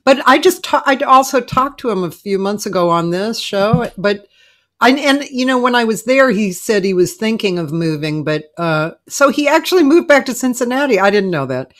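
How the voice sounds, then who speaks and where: A woman hosts a relaxed interview over a video call. She chats freely and asks curious questions. She laughs often along the way. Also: a little high, normal speed. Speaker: host. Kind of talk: casual chat.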